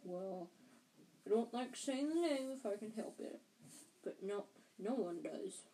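A woman reading a storybook aloud, voicing a huge, gentle male groundskeeper who speaks low, halting and worried. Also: animated, close to an everyday voice, rough recording. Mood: grave.

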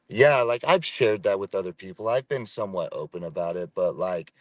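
Deep-voiced man chatting from his car. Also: no room sound. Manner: laid-back, profane, says "bro" and "dude" constantly. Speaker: podcast guest. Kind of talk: casual conversation. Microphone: remote call.

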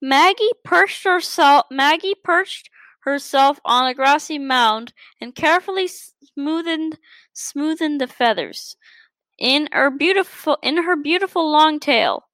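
A woman's voice: high-pitched, lively intonation, takes it slowly, fairly bright tone, no room sound. A woman reading a children's storybook aloud, carefully, with frequent stumbles and restarts. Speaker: story reader.

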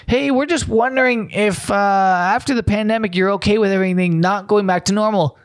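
A man's voice: sits high, a little fast, dry recording, studio quality, lightly acted. A man voicing a breezy, overly friendly male newspaper pollster who is making a phone call. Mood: chirpy.

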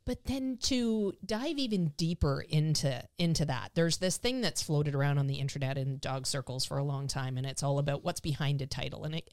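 A woman hosting a casual dog training podcast, talking with enthusiasm, often restarting her sentences, her voice quivering with emotion. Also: deep voice. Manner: enthusiastic, emotional, repeats words when starting sentences. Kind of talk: casual chat.

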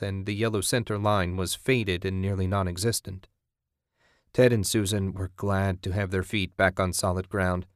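Low-voiced man narrating an audiobook. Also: dry recording, clean studio sound. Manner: steady, even storytelling.

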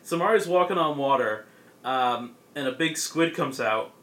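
A young man casually recapping a story, with many fillers and laughs along the way. His voice is bright and forward, at an ordinary pitch. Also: lively intonation, moderate pace. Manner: rambling, filler-heavy, laughs often. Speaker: podcast co-host. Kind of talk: casual chat, recapping a comic.

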